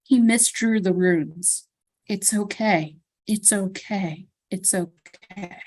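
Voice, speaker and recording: Brief: haunting mind-whispers of lost souls, as a woman game master puts them on, drawn out. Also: mid-range voice. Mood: eerie. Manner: slow, hushed, mournful.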